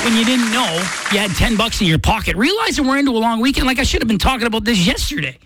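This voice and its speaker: A man hosting a morning radio show, telling a story in an excitable, chatty way and acting out the quotes. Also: high voice, very fast, few pauses, crowd noise, background noise. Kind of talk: casual radio chat. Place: radio studio. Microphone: studio mic.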